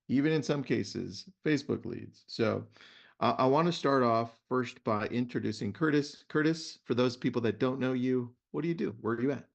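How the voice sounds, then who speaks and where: Man, middle-aged, webinar host, gravelly voice, muffled lo-fi video call audio, animated storytelling. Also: on the low side. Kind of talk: casual webinar chat.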